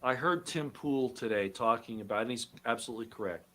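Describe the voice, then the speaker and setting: A man giving an angry monologue to his viewers, swinging from loud outbursts to low muttering. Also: brisk. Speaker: online commentator.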